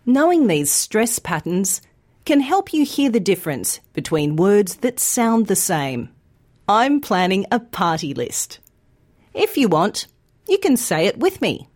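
A woman teaching English pronunciation in a scripted lesson, enunciating each word slowly and clearly. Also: mid-range voice, very animated, a little mellow. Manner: slow, clear, deliberate enunciation.

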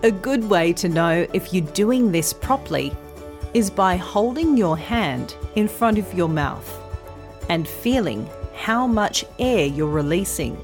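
A woman teaching English pronunciation in a scripted podcast lesson, articulating slowly and carefully. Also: fairly low pitch, expressive, music in the background. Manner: slow, clear, careful articulation.

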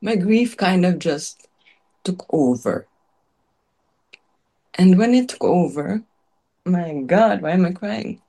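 Chatty woman chef, slightly low voice. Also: expressive, slow, long pauses, dark tone. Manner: chatty, lots of fillers, laughs between phrases, voice wavers with tears. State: tearful at times. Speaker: chef, interview guest. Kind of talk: emotional personal storytelling.

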